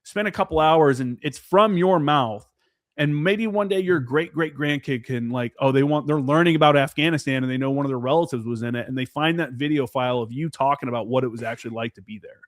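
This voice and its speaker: Brief: plain-spoken veteran guest, open and sweary, medium voice, no room sound. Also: male voice, medium pitch, fairly quick, dry recording, clean studio sound. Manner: candid, profane, peppered with "dude" and "man". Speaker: podcast guest, former Marine forward observer. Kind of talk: casual podcast chat.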